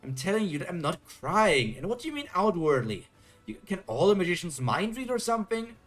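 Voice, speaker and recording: A man's voice: high voice, sing-song, fairly quick, a bit bright, faint music behind. A man reading aloud as a feisty sixteen-year-old girl, protesting indignantly. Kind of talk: reading comic dialogue aloud.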